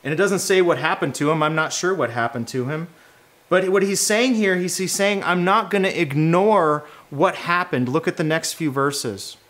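Guy preaching a sermon, kinda high voice, goes hushed then really fired up. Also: animated, normal speed. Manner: impassioned, swings from hushed to loud. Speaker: pastor.

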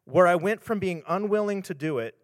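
A man's voice: high-pitched, expressive, brisk, no echo, studio quality, long reverb tail. A man, a pastor, speaking candidly and conversationally about scripture, retelling stories with restarts and casual asides. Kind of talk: casual devotional talk on scripture.

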